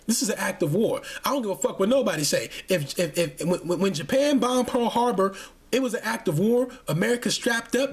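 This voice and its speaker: A man's voice: high-pitched, slightly rough. A man giving a heated, profane ranting commentary, often stumbling over repeated restarts. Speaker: channel host.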